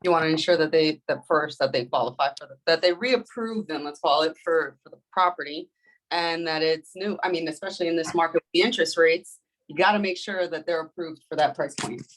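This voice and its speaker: A woman's voice: deep voice, fairly quick, rough recording. A woman, an agent in a team training, reads a checklist step aloud and then explains it in her own words. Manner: plain, a few restarts while explaining. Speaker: real estate agent at a training.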